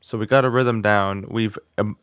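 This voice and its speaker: Working through a beginner singing course, a man hosting his own music channel chats casually and tries out the vocal exercises. His lowish voice is steady, fairly bright, clear and resonant, at a normal speed. Recorded on a studio mic with no echo, it's a casual vlog lesson.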